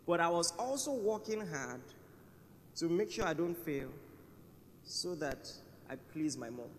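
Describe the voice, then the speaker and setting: A man's voice: a little high, expressive, unhurried, pauses often, a little hiss or hum. A man preaching a sermon in a church hall, conversational and emphatic, often repeating his key phrases. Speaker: pastor. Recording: reverberant church hall, faint ambience.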